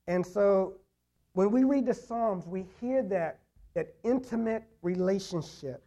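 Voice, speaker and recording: A man's voice: high-pitched, lively intonation, moderate pace, mellow. A man preaching a sermon in a conversational way, full of "you know" fillers and repeated phrases. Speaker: pastor.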